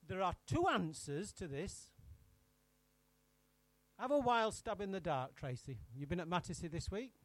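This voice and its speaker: High, lively preacher man. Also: a little slow, pauses often, no echo. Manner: teasing the congregation by name, asking questions. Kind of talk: interactive sermon.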